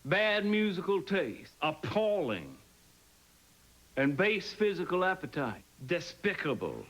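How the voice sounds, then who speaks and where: A man's voice: high voice, big pitch swings, slow pace, a bit bright, full character voice, low-quality recording. An actor playing a pompous, wordy, haughty man in a soap opera. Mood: indignant.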